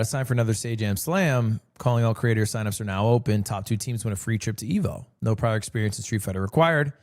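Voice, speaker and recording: A man streaming, telling jokey stories to his chat in a casual, animated way. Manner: joking, animated storytelling with sudden pitch jumps.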